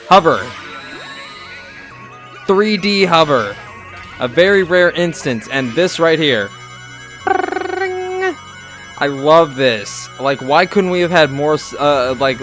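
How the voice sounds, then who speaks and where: A man's voice: fairly high pitch, fairly bright tone. Rambling young man narrating gameplay. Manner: rambling, halting, full of fillers and restarts. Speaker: gameplay commentator. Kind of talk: casual let's-play commentary.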